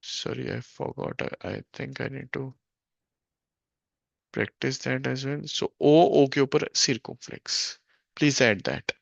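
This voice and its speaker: A man teaching a French grammar lesson from a worksheet, slow and stop-start, often correcting himself, on a dull lo-fi recording. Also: medium pitch, gravelly, no echo.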